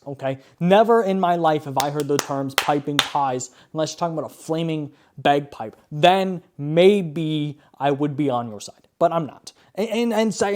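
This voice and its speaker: A man's voice: on the high side, darkish tone. A man hosting a video, ranting about bad ads with lots of swearing and repeated "okay?"s. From Canada. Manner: profane, exasperated, keeps asking "okay?". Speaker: video host reviewing ads. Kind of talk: ranting reaction commentary.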